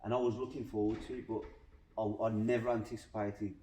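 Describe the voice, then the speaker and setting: A man's voice: on the low side, level tone, brisk, warm tone, a little hiss or hum. A male co-host with a Black Country accent, asking questions and sounding appreciative. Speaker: podcast co-host. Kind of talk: casual podcast chat. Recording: roomy echo, distant mic.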